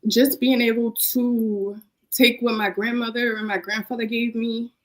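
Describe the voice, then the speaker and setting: A woman's voice: a little high, little pitch movement, unhurried, poor audio. Emotional young woman, casual heartfelt talk. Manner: emotional, heartfelt, repeats phrases. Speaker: podcast guest. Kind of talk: casual chat.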